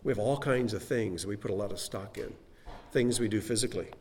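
A man's voice: on the low side, brisk, a little mellow, a little hiss or hum. A man teaching a Bible lesson in a conversational, folksy sermon style with frequent asides to his listeners.

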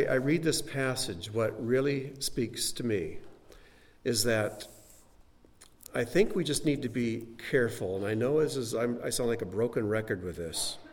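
A man's voice: medium pitch, a little mellow. Folksy, conversational male Bible teacher. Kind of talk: casual teaching sermon.

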